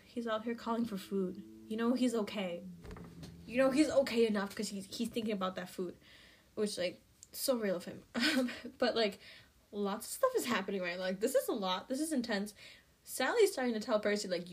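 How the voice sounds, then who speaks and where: A young adult woman hosting a casual book recap podcast, animated and chatty, laughing often and filling with "like.". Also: a little high, normal speed, husky. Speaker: podcast host.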